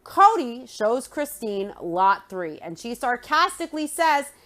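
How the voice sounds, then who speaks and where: Woman, TV recap commentator, opinionated, sarcastic, bright and crisp tone, lively pitch. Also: a little slow, hardly any pauses.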